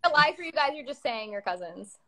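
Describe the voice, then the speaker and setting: A woman's voice: on the high side, lively intonation, sharp tone. A giggly woman hosting a casual group video chat over a phone, laughing often. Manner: giggly, bubbly, quick to laugh. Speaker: live stream host. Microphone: phone on a video call.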